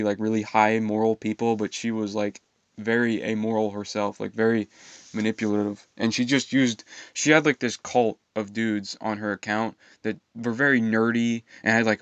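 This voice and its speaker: A young man telling a rambling personal story in an aggrieved, profane way, halting with fillers. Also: fairly low pitch, clear, resonant tone, no room sound. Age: young adult. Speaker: vlogger.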